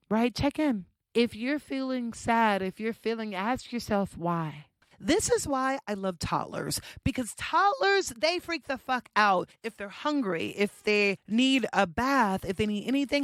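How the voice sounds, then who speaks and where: A young adult woman hosting a podcast, giving self-help advice in a casual, animated, profane way and drawing out her key points. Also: mid-range voice, measured pace, dry recording. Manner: animated, profane, talks straight to listeners. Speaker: podcast host.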